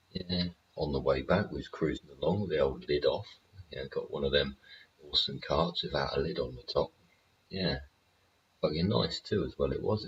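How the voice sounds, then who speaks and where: A host with a bass voice that's a bit bright rambles casually on his own show, chuckling and swearing constantly. The audio is slightly dull and lo-fi, with faint ambience.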